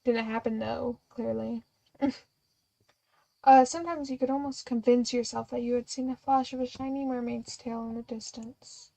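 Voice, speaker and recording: A woman's voice: on the high side, steady tone, normal speed, vocal fry, dark tone, low-quality recording. A young woman streamer reading a story game aloud, breaking off into giggly, chatty asides. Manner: giggly, chatty, self-interrupting.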